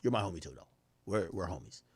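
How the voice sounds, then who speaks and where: A young man streaming live, trash-talking basketball players in a loud, profane, excitable way, his voice jumping up and down. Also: quick pace, slightly rough, no room sound, studio quality. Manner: loud, profane trash talk with sudden jumps in pitch and volume. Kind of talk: casual live-stream commentary reacting to chat and posts.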